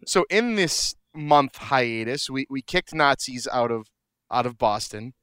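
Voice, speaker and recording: A man's voice: medium pitch, lively intonation, unhurried, a bit bright, clean tone. A middle-aged man co-hosting a podcast in casual chat, cracking dad jokes and laughing at them. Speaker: podcast co-host.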